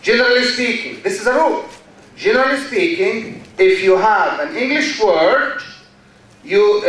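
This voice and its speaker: A man's voice: sits high, fairly bright tone. A middle-aged man lecturing a class, repeating key words and quizzing students. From Egypt. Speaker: university lecturer. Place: lecture hall. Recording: echoey hall, distant mic.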